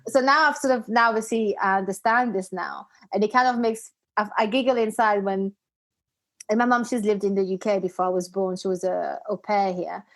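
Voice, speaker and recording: A woman whose first language is not English, hosting a podcast and telling stories in a chatty, animated way. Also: medium pitch, brisk. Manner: chatty, animated storytelling with frequent restarts. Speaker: podcast host. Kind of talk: casual conversational interview.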